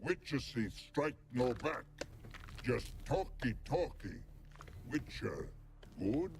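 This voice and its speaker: Game troll: gravelly, very slow, broken grammar, lively pitch, dim but stubborn. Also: male voice, over music. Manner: slow, halting, simple phrases. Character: slow-witted male rock troll, simple and stubborn.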